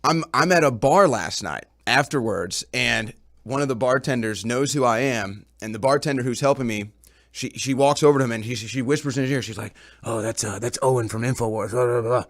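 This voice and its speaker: A man's voice: mid-range voice, brisk, a bit bright. Rambling man telling stories on air. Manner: rambling storytelling, repeated words. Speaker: show reporter. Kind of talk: casual on-air recounting.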